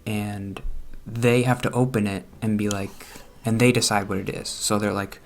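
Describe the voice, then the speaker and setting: Low, gravelly young man rambling nervously. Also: little pitch movement, moderate pace, hardly any pauses, a little hiss or hum. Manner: rambling, self-conscious, laughs nervously. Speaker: gaming vlogger. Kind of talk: casual chat over gameplay. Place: room at home.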